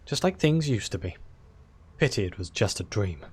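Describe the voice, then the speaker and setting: A man voicing a gruff bearded male clan war chief in a fantasy game, speaking low and weary. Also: very animated, normal speed, full character voice. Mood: wistful.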